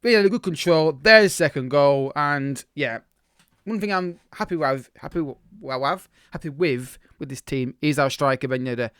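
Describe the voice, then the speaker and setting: A man talks through a football management game, reacting as it unfolds and restarting his sentences. His voice is smooth and fairly high. The sound is dry and close to the mic. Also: moderate pace, fairly bright tone, dry recording. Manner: chatty, reacts live to the match, many restarts. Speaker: gaming YouTuber. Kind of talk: casual game commentary.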